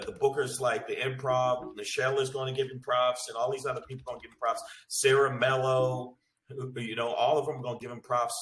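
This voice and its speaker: A comedian from Brooklyn, New York rants profanely on a podcast, his medium-pitched voice carrying a sharp tone in heated, casual chat. The room is echoey, the mic sits at a distance, and there's faint noise.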